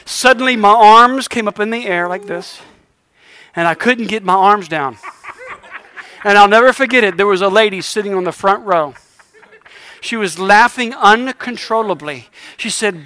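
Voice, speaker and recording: A middle-aged man preaching a revival sermon, telling a lively story and building to shouted exhortation. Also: high-pitched, normal speed.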